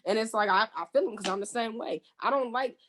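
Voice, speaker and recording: A woman talking as a podcast guest in casual chat. She is blunt and emphatic and swears freely. Her voice sits a little higher than most women's. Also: fast talker, a bit bright, slight background noise.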